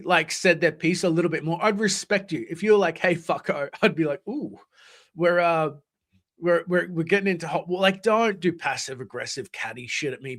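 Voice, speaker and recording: Hosting a live stream, an Australian man with a high-pitched, fairly bright voice chats in a relaxed way, cursing freely as he reads out viewers' comments.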